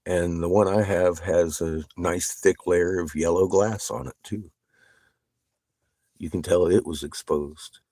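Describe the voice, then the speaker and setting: A man chatting casually with viewers on a livestream. He swears constantly, gets excited and laughs often. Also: low voice, unhurried, no room sound.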